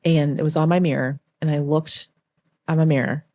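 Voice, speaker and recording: A young woman with a low voice tells a personal story in a podcast interview. She talks with real feeling and acts out the lines of the people in it. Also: moderate pace, dry recording. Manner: emotional, animated storytelling, acts out quoted voices. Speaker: podcast guest, former backup dancer.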